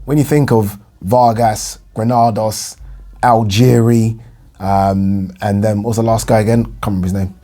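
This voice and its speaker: A man's voice: fairly low pitch, steady tone, normal speed, warm tone. An English man, a young adult, chatting casually about boxing news in a rambling way with lots of fillers and repeated phrases. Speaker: boxing vlogger. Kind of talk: casual solo boxing commentary.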